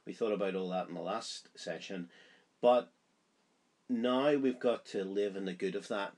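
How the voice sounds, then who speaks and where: A man's voice: lowish voice, normal speed, darkish tone. A man giving a Bible study, explaining a chapter in an earnest, conversational way. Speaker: Bible teacher.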